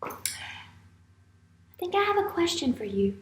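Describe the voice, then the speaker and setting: A woman teacher leading a playful morning message for young students, with an animated, exaggerated manner. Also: very high-pitched, measured pace, pauses often. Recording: echoey room.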